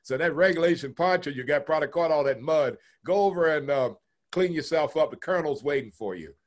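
A gruff sergeant major barks orders across a muddy yard, as an older storyteller recalls him. The voice rises and gets louder, clipped and commanding. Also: male voice, a little high, lively intonation, fairly quick, lightly acted. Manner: barking orders. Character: gruff, booming old army sergeant major.

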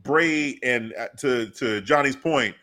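A man in casual podcast chat, excitedly retelling a wrestling segment and acting out his own reactions. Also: mid-range voice, takes it slowly.

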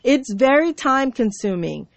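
A woman's voice: sits high, very animated, a little slow, creaky, no echo. A woman hosting her own show, delivering an aggrieved, sarcastic monologue with mocking asides. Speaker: show host. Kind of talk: ranting monologue to camera. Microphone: computer mic.

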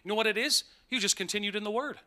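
Preaching as pastor, a man with a voice that sits high speaks with energy and emphasis. He lingers on important phrases and tosses in playful asides.

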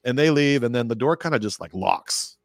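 A man in his thirties from California, a podcast guest telling rambling, animated stories and acting out quotes in a higher voice. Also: fairly quick, creaky, no room sound, clean studio sound. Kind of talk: casual storytelling interview.

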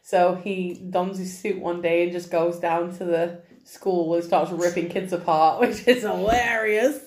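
A woman's voice: fairly low pitch, steady tone, a little mellow. A woman co-hosting a casual podcast, keeping the conversation moving with teasing remarks. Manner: brisk, teasing, steers the conversation. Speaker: podcast co-host. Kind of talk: casual chat. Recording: roomy, echoey room sound.

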